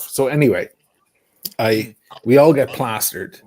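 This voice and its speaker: A man telling a wild story in casual chat, swearing freely and animated. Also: medium pitch, normal speed, slight background noise. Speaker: guest storyteller.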